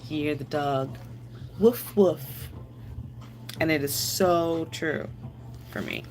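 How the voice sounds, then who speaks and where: A woman's voice: low-pitched, fairly even intonation, slow, slight background noise. A woman live streaming, chatting casually and rambling to her viewers while answering their comments aloud.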